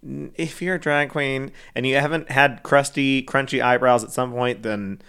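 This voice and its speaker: A man's voice: medium pitch, steady tone, moderate pace, vocal fry, fairly bright tone, clear, resonant tone. A young man co-hosting a podcast in casual chat, rambling with lots of restarts and frequent laughter. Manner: giggly, rambling, many fillers and restarts. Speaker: podcast co-host.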